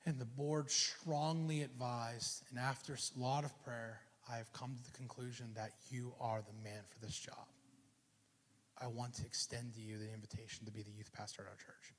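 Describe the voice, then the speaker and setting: A preacher putting on a grave senior pastor. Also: male voice, mid-range voice, measured pace, few pauses, a bit bright, slight background noise, voice pushed down, lightly acted. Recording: echoey church hall.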